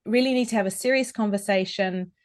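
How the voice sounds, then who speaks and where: A woman talks as a vocal coach in a podcast interview. She explains clearly and carefully, and she shows each point by demonstrating how a voice can sound. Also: medium pitch, fast talker. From New Zealand. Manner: articulate, instructive, demonstrates vocal tones.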